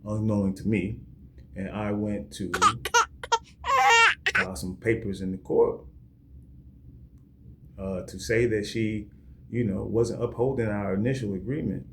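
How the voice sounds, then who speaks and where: Low-voiced podcast host telling his story. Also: steady tone, a little slow, creaky, long pauses, noisy background. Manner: plainspoken, reflective storytelling. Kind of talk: casual podcast monologue.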